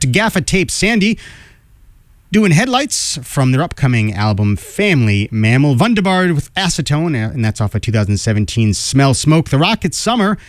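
A man hosting a radio music show, a little hoarse, chatting enthusiastically between songs. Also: medium pitch, no echo. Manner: enthusiastic, conversational. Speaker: radio host.

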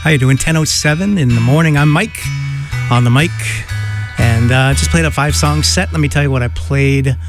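A man hosting a local radio show in a studio, talking loosely and rambling with many pauses and fillers. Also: medium pitch, over music. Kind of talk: casual radio chat.

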